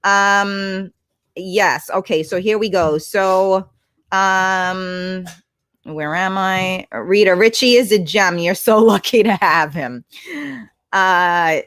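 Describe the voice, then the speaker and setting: A woman hosting a casual livestream, reading viewer comments aloud, chatty and blunt, swearing freely and greeting viewers warmly by name. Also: mid-range voice, slow, clear, resonant tone, no room sound. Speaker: host.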